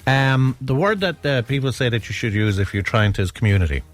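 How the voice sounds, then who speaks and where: A man's voice: mid-range voice, expressive, brisk, faint music behind. A man with an Irish accent hosting breakfast radio, telling rambling stories in a chatty, chuckling way. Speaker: radio host. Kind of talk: casual breakfast radio chat.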